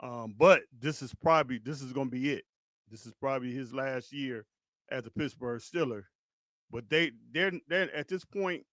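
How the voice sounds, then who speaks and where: A man's voice: medium pitch, a bit bright, no echo. A man with a mid-range voice lays out his view plainly on a sports podcast. The sound is dry, with no room around it. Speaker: podcast co-host. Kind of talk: casual sports debate.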